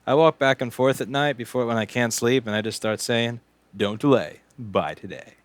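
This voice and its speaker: A man's voice: medium pitch, fairly even intonation, a little fast, smooth, no room sound. A man in his late twenties, hosting a casual livestream while doing repair work, chatting in a sarcastic, joking, rambling way. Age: late 20s. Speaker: repair technician and stream host.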